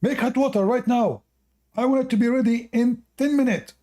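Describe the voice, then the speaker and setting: A man's voice: fairly high pitch, moderate pace, vocal fry, pitched above the performer's own voice. A man doing a boastful bragging husband. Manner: boastful, raised and excited. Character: boastful husband bragging about ruling his wife.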